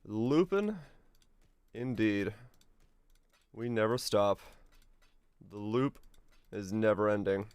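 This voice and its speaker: A man's voice: lowish voice, slow, pauses often, smooth, no room sound. Laid-back male streamer humming along. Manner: relaxed, hums to himself, chuckles. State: voice a bit off today. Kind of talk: casual gameplay commentary.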